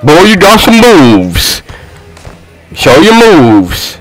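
A man giving live commentary over a basketball video game, excitable and trash-talking his teammates. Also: a little high, slow, faint music behind, low-quality recording. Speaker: gaming YouTuber.

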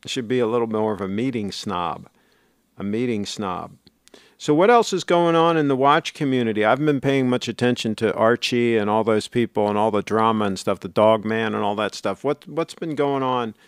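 A man's voice: on the low side, moderate pace, smooth, no room sound, clean studio sound. A middle-aged man hosting a casual livestream, reading viewer comments aloud and rambling on in a chatty, self-correcting way.

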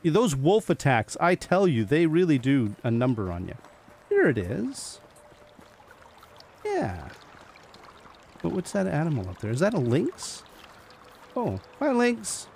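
A man's voice: on the high side, wildly swooping pitch, unhurried, gravelly, long pauses, darkish tone, a little hiss or hum. A man giving casual gameplay commentary, chatting to the animals he meets and laughing often as he plays. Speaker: gaming video host.

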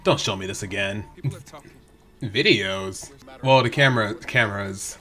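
A man hosting an anime reaction video at home, talking casually and excitably, often restarting his sentences. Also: on the low side, measured pace, pauses often. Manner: excitable, rambling, frequent restarts and exclamations. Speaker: reaction channel host. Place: home room.

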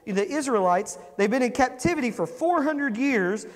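A man's voice: extremely high pitch, animated, moderate pace, long reverb tail. A man preaching a conversational sermon, asking the congregation questions. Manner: conversational, asks the congregation questions, acts out quotes. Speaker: pastor.

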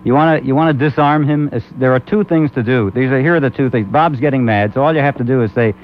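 A man's voice: medium pitch, fast talker, slight background noise. A man hosting a comic talk radio show, rambling and laughing often. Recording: muffled old AM radio recording.

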